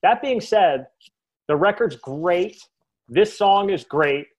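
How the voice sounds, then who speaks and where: A man co-hosting a casual music podcast, talking in an animated, mocking way and reading notes aloud. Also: high voice, takes it slowly. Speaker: podcast co-host. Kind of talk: casual chat about music.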